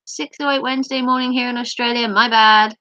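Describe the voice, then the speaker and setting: A woman's voice: a little high, steady tone, fairly quick, sharp tone, dry recording, highs cut off. A middle-aged woman hosting a casual livestream, teasing viewers and reading their comments, her voice a little sore. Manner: playful, teasing, giggly. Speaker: livestream host. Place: home, streaming.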